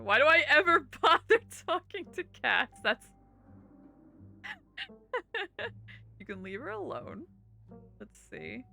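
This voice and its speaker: Casting: lively, giggly woman streamer, bright voice with a gravelly edge, faint game music behind. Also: high voice, a little slow, pauses often. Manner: giggly, animated, reads game text aloud. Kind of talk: casual gaming commentary.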